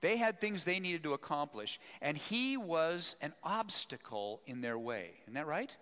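A male preacher telling a Bible story with an animated, swooping delivery and a bright, forceful tone. His fairly high voice carries a long reverb, as if he is recorded in a large hall. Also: measured pace. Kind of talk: sermon storytelling.

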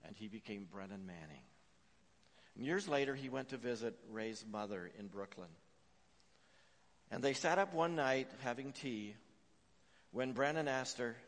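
A man preaching a sermon as pastor, telling a story with frequent "uh" fillers and swinging between hushed and emphatic delivery. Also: fairly low pitch. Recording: long reverb of a large hall.

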